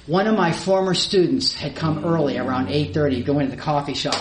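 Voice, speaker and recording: A middle-aged woman giving a personal testimony in a church hall, telling her story with lively acted-out dialogue. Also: low voice, fast, few pauses. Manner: animated storyteller who acts out her own past dialogue. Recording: roomy echo, faint background noise.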